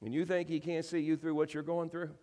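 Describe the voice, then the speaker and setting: A male minister delivering a sermon, swinging between hushed, tender passages and loud, emphatic peaks, often calling out questions to the congregation. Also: on the high side, little pitch movement, a little fast, long reverb tail.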